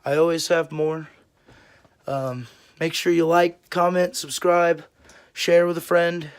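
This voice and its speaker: A man's voice: a little high, little pitch movement, slow, smooth. A young man telling stories casually to his channel, laid-back and swearing freely, laughing now and then. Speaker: vlogger. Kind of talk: casual storytelling.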